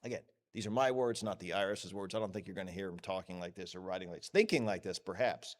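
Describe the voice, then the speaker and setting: A man's voice: deep voice, fast. Joking man giving a conference talk. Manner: lively, joking, acts out quoted voices. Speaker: conference speaker. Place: conference hall.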